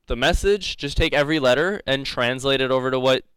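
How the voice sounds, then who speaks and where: A man's voice: medium pitch, a little fast, a bit bright, clear, resonant tone, no echo. A young man teaching a live coding lecture, rambling and joking, laughing often. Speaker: coding instructor.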